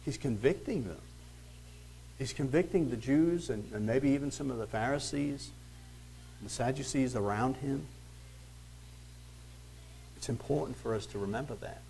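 A man's voice: medium pitch, normal speed, gravelly, pauses often, warm tone, a little hiss or hum, poor audio. A man teaching through scripture verse by verse, reading passages aloud and then commenting in a conversational, emphatic way with rhetorical questions. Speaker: Bible teacher.

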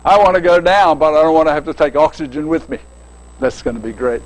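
An older man preaches with a folksy, joking touch, his voice sitting a little high for a man. He keeps asking his listeners to picture things and checks in with a quick question. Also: fairly even intonation, rough recording. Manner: folksy, joking, often asks "right?". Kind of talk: sermon.

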